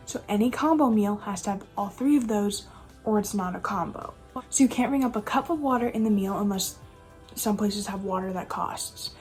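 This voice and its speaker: A young woman tells a casual story about her job at a fast-food counter. She rambles and keeps reaching for filler words. Her voice sits at an ordinary middle pitch, with faint music behind her. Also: a little mellow. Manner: chatty, rambling, lots of "like" fillers. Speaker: fast-food cashier telling work stories.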